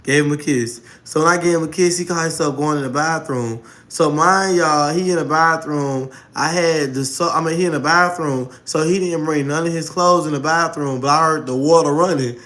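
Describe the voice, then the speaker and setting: A young man streaming live, telling a story in an animated way and calling out to his audience, with laughs and exclamations. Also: on the high side, moderate pace, hardly any pauses. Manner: excitable, keeps calling out to the audience.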